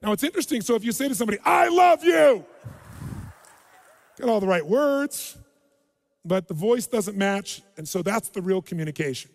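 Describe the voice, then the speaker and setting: Man, seminar speaker, high voice, lively audience-quizzing delivery, long hall echo. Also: fast. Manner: animated, quizzes the audience and acts out quotes. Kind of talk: live seminar talk to an audience. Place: large hall with a live audience.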